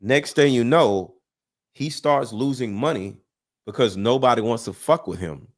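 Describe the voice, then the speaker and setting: A man debating with heat, his pitch swinging widely as he presses his point. He repeats himself for emphasis, swears freely and talks over the other side with "hold on" and "listen". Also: expressive, measured pace. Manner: interrupts with 'listen' and 'hold on'. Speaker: guest debater. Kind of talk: heated debate.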